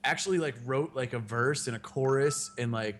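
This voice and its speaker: In a recording with slight background noise, this thirty-something podcast host speaks at a moderate pace in a bright, mid-range voice. He rambles through casual stories, swearing freely along the way.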